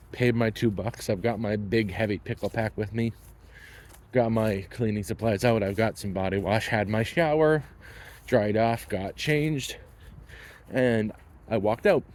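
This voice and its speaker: A man in his thirties telling a personal story in a blunt, wry, casual way. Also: on the low side. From Canada. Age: 30s.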